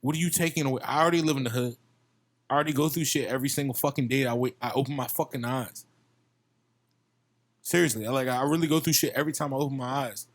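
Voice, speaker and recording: A man's voice: mid-range voice, fast talker. A young man from Virginia, a musician guest on a podcast, talking in a passionate, profane casual chat and often repeating himself.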